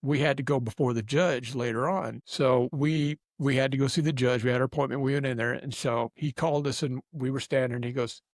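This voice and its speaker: A man's voice: mid-range voice, steady tone, a little fast, few pauses, no room sound, clean studio sound. Rambling man telling a story. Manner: rambling, self-deprecating, restarts a lot. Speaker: guest storyteller. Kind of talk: casual storytelling chat.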